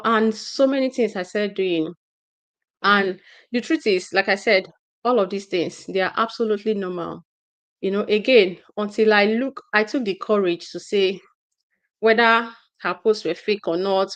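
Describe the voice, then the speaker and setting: A middle-aged woman speaks as a parenting coach in a live session. Her pitch sits mid-range for a woman. She talks earnestly, restarting and repeating phrases as she preaches to parents.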